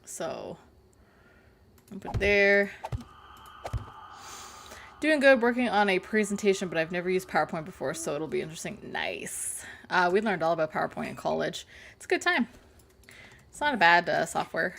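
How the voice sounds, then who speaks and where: A woman's voice: fairly low pitch, lively intonation, moderate pace, vocal fry, long pauses, fairly bright tone. A woman hosting a casual game livestream, chatting with viewers in a playful, sarcastic way and making innuendo jokes. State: burnt mouth. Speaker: livestream gamer host. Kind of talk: casual live-stream chat with viewers.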